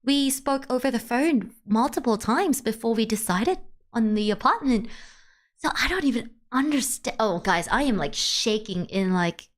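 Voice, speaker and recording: A woman with a slightly high voice tells a long story to her stream chat. She rambles and restarts, filling her talk with "like" and "you know." Her delivery is casual and animated. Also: moderate pace. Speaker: VTuber streamer.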